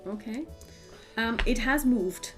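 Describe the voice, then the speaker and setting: A woman's voice: on the high side, slow pace, faint music behind. Woman running a tabletop game. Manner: descriptive, with frequent fillers and restarts. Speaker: game master.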